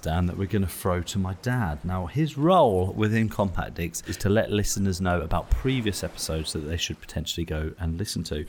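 A man hosting a comedy podcast, talking in a relaxed, wry, playful way. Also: low-pitched, slight background noise. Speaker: podcast host. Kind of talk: casual comedy chat.

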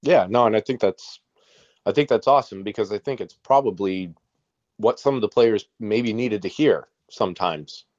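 A man's voice: fairly low pitch, moderate pace, a little mellow, dry recording, muffled recording. A man hosting an interview, chatting casually and answering his guest in a loose, agreeable way. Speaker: interview host. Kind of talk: casual chat.

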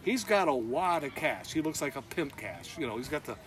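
A man's voice: fairly high pitch, fairly quick, a little hiss or hum. A man casually telling an anecdote as a guest, swearing often and breaking into laughs. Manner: profane, laughing, animated storyteller. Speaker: guest storyteller, former club owner.

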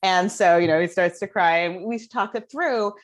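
A woman guest author telling stories about parenting in an animated, casual way. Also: lowish voice, moderate pace. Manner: animated, lots of fillers. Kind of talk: casual storytelling chat.

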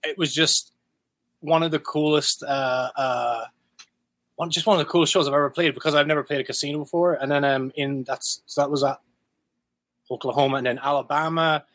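A man's voice: fairly high pitch, fairly even intonation, brisk, a bit bright, no room sound. A young Irish man, a guest musician, chatting casually, rambling, laughing often and swearing freely. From Ireland. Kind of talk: casual chat.

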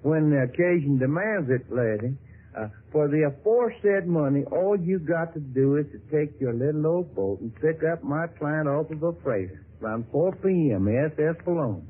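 A man's voice: fairly high pitch, lively intonation, normal speed, husky. An actor playing a folksy, wheedling middleman in a 1950s radio drama. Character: smooth-talking Southern middleman, called Dixie. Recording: tinny lo-fi old radio broadcast.

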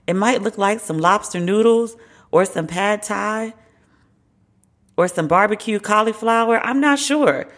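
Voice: mid-range voice, a bit bright. A podcast host giving casual, candid commentary alone, wry and opinionated, with slangy asides.

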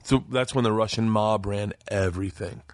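Man, 40s, podcast guest, swearing raconteur, lively voice, dry close sound. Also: moderate pace, dry recording. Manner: animated, profane, jumps high when quoting himself. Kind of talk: storytelling in casual chat.

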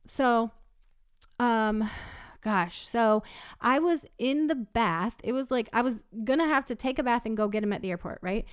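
A woman's voice: fairly high pitch, normal speed, clear, resonant tone, no room sound, clean studio sound. A middle-aged woman in casual chat, retelling a personal story with feeling and lots of fillers. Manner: emotional storytelling, many fillers. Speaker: guest telling a personal story.

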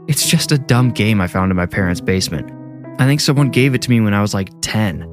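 A man plays a grinning young prankster who teases his friends and coaxes them along. His talk is playful, set in a low register. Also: lively intonation, brisk, soft background music, close to an everyday voice. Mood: teasing. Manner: playful, teasing, coaxing.

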